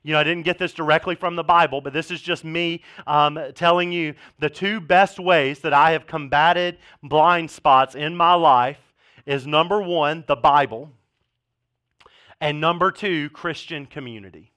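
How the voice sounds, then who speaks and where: A man's voice: a little high, fairly even intonation, a little slow, bright, forceful tone, smooth. A man in his thirties preaching a casual sermon as pastor, telling jokey stories with sarcastic asides.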